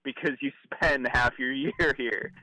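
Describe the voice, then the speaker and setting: A man's voice: medium pitch, measured pace, crowd noise, low-quality recording. A man calling into a sports radio show, easygoing and rambling. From Milwaukee area. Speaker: caller. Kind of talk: call-in chat.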